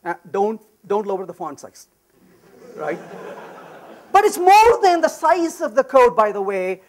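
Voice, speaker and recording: A man giving a live technical conference talk, joking with the audience and often asking "right?". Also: very high-pitched. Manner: animated and joking, repeats "right?". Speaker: conference speaker.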